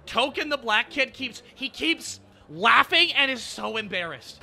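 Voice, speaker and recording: Bright, animated male streamer. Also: high-pitched, normal speed, faint music behind. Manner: animated and excitable, laughs a lot, swears casually. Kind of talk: casual chat.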